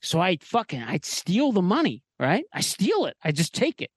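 A man on a podcast rambles through a crude, silly horror story and keeps laughing at his own jokes. His voice sits a bit high and swings widely up and down. The sound is dry and close, with no room echo. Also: huge pitch swings, normal speed, slightly rough. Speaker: podcast host. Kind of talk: comedic spooky storytelling.

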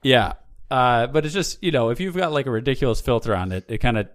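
A man hosts a casual comedy podcast in a middle-pitched, everyday voice. He rambles and jokes with his co-hosts, trailing off into "like" and "you know" as he goes. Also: big pitch swings, quick pace. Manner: rambling, joking, frequent fillers. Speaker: podcast host.

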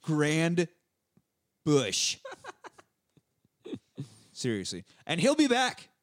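A man's voice: on the high side, no echo, clean studio sound. Profane man retelling a movie. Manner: profane, animated retelling with quick voices for characters. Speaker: podcast host. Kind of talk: casual movie rewatch chat.

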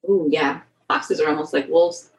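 A woman's voice: low-pitched, fairly even intonation, moderate pace, gravelly. Upbeat female player, chatty, room echo around her voice. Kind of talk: tabletop role-play.

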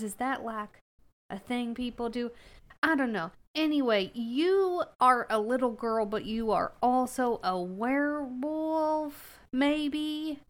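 A woman with a high voice plays her character in a tabletop game, rambling and chatty. She trails off into a steady stream of questions. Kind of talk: in-character tabletop role-play.

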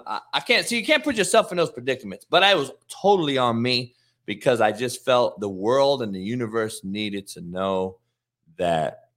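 A middle-aged man hosting his show, telling a profane, animated story in a casual monologue. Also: on the low side. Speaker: host.

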